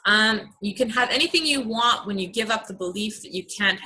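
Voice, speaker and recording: Bright-voiced woman coaching her team. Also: mid-range voice, brisk, low-quality recording. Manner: earnest, chatty, many fillers. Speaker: team coach leading a call. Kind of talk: motivational team call talk.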